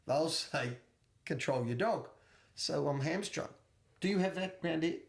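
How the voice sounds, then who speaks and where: A man's voice: on the high side, measured pace, creaky. A man with an Australian accent co-hosting a podcast, talking bluntly and animatedly in casual chat and swearing freely. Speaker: podcast co-host.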